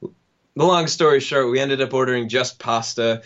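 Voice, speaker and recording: A young man telling a funny personal story on a podcast, acting out the people in it and laughing now and then. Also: mid-range voice. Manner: animated, acts out the people in his story with quick laughs. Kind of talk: casual storytelling. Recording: dull lo-fi sound.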